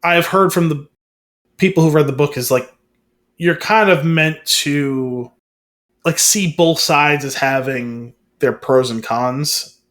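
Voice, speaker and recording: Man, podcast co-host, casual chat, higher voice, rambling filler-heavy talk. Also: slow pace, a bit bright. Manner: rambling, hedging with many "like"s.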